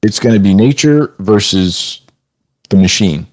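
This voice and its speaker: Young man, podcast co-host, slangy, rambling, lowish voice. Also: animated, unhurried, darkish tone. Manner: loose, rambling, slangy, says bro and dude. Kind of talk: casual podcast chat.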